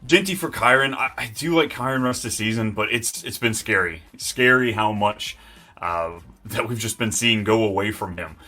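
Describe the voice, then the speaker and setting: A man hosting a live fantasy football stream, talking in an excitable, hyped and rambling way. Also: lowish voice, normal speed, faint music behind. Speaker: host.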